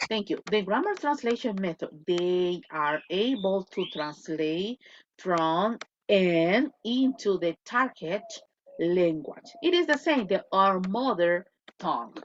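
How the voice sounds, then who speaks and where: Lively woman teacher. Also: medium pitch, slow pace, a little hiss or hum. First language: Spanish. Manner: switches between English and Spanish, repeats points, asks "okay?". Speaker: English teacher. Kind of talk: online class lecture. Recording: dull lo-fi audio.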